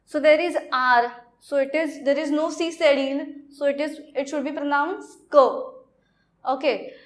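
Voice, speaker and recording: A woman teaching a French lesson in a video lecture, halting and repetitive, often saying "okay". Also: high voice, fairly even intonation. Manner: halting, repeats words, says "okay" often.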